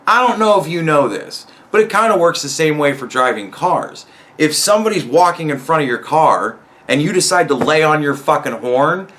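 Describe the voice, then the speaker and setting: A man's voice: on the high side, big pitch swings, moderate pace, bright, forceful tone. A young man telling a long, rambling story about a coworker in a profane, exasperated way. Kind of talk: casual storytelling rant.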